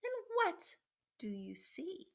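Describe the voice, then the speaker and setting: A woman's voice: very high voice, wildly swooping pitch, slow, creaky, voice pushed up, exaggerated voice. A woman voicing a gleeful, menacing male rat in a storybook read-aloud, taunting and sing-song. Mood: sly.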